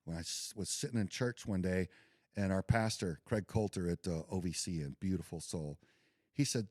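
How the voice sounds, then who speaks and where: A man's voice: low-pitched, normal speed, a little mellow, dry recording, studio quality. A man talking as a podcast guest in an earnest, intense way. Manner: earnest, intense, faith-driven. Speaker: podcast guest, military veteran. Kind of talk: casual podcast conversation.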